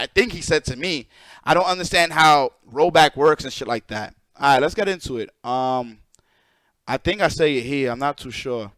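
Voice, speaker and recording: A man streaming live, ranting casually and profanely to his chat with animated energy. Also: fairly high pitch, dry recording.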